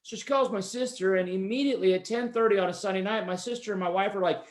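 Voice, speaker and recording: This podcast host speaks in a high voice at a quick clip. He's chatty and self-deprecating, spinning a rambling personal anecdote in a casual way.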